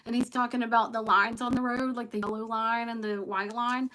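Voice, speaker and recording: A woman's voice: a little high, flat delivery, a little fast, bright, forceful tone, low-quality recording. A woman with a West Virginia accent, a tarot reader chatting casually on a livestream, rambling and greeting commenters by name.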